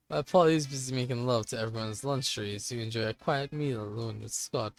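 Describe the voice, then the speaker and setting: A man's voice: medium pitch, fairly quick, hardly any pauses. A man hosting a let's play, reading the game's narration aloud and making casual, wry asides. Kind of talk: reading a visual novel aloud.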